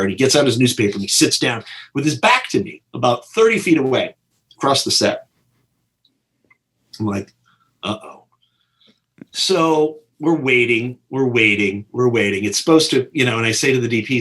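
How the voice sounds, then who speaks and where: Middle-aged guy telling film set stories, animated, jumps into big voices for quotes. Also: mid-range voice. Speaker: film director. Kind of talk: storytelling in an interview.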